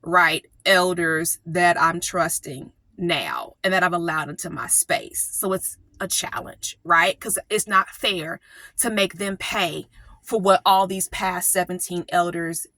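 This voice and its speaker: A middle-aged woman, coaching others and speaking candidly and emotionally in a personal vlog, often pausing. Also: lowish voice, bright, forceful tone, no echo. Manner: candid, emotional, with drawn-out pauses. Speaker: support group coach.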